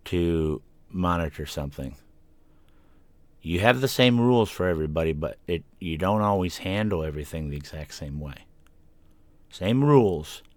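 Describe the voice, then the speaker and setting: A man with a very deep voice talks through his thoughts as host of his own podcast. His delivery is casual and self-reflective, and he now and then turns to speak to his cat. The sound is dry and close to the mic. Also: no room sound. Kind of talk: casual solo podcast talk. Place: home room. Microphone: desk microphone.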